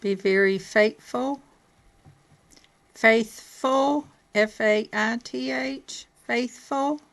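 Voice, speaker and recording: Slow, gravelly-voiced woman spelling letters. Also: a little high. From Kentucky. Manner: patient, questioning, with occasional soft laughs. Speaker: reading out a letter board.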